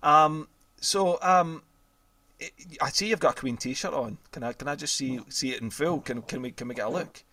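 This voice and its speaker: A man's voice: fairly high pitch, normal speed, sharp tone, no echo. A man hosting a podcast, interviewing a guest in a chatty way, often repeating his words as he goes. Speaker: podcast host. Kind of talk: casual interview chat.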